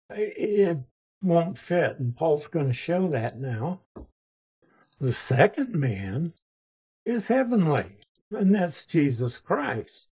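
A man teaching verse by verse through scripture in an unhurried, deliberate way. His voice is slightly husky, and he lays out each point methodically. He often drops into casual asides to his listeners. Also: fairly high pitch, a little mellow. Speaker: Bible teacher.

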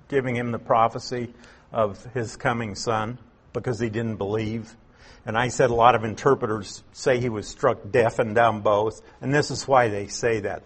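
A man's voice: mid-range voice, husky. A man teaching verse by verse through a Bible passage, explaining word meanings and asking rhetorical questions.

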